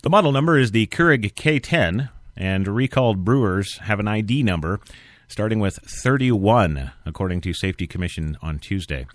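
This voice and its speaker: Host: man, low voice, very lively pitch, sarcastic news commentary, dry close sound. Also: dry recording. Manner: sarcastic, rambling, animated. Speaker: radio show host. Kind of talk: internet talk radio commentary.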